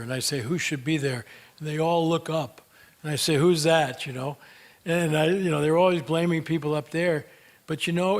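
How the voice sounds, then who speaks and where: Folksy older man telling stories. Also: a little high. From United States. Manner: folksy, chatty, fillers like "you know". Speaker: speaker. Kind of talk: storytelling talk and Q&A answers.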